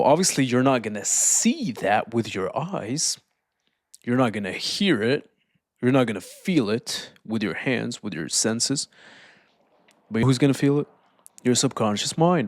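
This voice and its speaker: A man giving a casual motivational talk, calm and deliberate, slowing down to stress points and often saying "man". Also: medium pitch, no room sound. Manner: calm, deliberate, slows down for emphasis. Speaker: self-improvement speaker.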